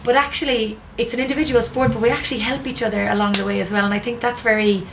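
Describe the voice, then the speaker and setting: A woman's voice: on the high side, fairly even intonation, fast talker, gravelly, background noise. An Irish woman hosting an interview, asking easygoing questions in a chatty way while outdoors by the sea. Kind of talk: casual interview chat.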